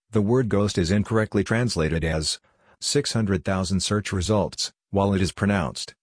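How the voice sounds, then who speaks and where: Man, deep voice, scripted narration, measured and explanatory, dry close sound. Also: dry recording. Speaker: language explainer.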